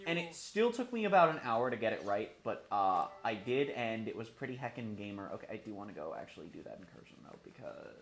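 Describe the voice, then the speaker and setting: A man's voice: on the low side, very animated, fast talker, few pauses, roomy sound. A man giving rambling, joking commentary while live streaming a game, with mild swearing. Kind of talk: casual live gameplay commentary. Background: game music.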